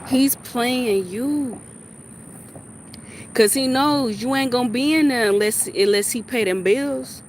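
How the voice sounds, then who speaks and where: A woman delivers a heated monologue in a fairly high voice, scolding and hammering her points by repeating them. She is recorded outdoors, with faint street and traffic noise underneath. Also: moderate pace, hardly any pauses. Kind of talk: ranting monologue to camera.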